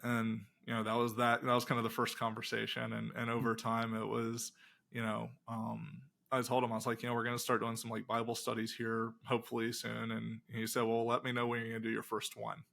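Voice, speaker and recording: With vocal fry in his brisk, mid-range voice, a middle-aged man who works as a pastor and game designer shares stories in an informal interview. He acts out the exchanges, quoting the dialogue in an animated retelling.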